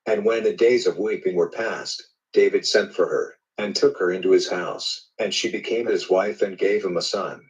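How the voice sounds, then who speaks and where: A man reading a Bible passage aloud in a steady, measured storytelling manner. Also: sits low, distant mic, low-quality recording. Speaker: Bible reader. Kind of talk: scripted scripture reading.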